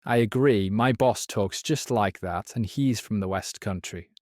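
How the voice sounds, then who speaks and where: A man's voice: lowish voice, a little slow, darkish tone, dry recording, clean studio sound. A man chatting confidently and teasingly as a quiz contestant on a podcast. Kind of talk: casual chat.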